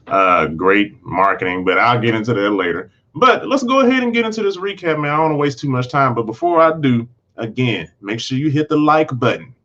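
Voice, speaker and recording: A man's voice: mid-range voice, animated, a little fast, few pauses, sharp tone, highs cut off. A man hosting a casual TV episode recap, rambling along with frequent restarts and self-corrections. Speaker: host.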